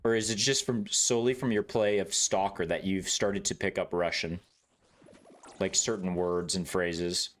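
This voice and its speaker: A man's voice: sits low, fairly even intonation, moderate pace, fairly bright tone. A man streaming a game, chatting casually with his viewers in a joking, laid-back way, swearing freely and laughing often.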